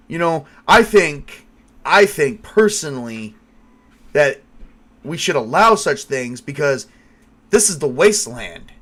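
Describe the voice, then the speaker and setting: A man narrating as game master with lively storytelling. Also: on the high side, takes it slowly, pauses often.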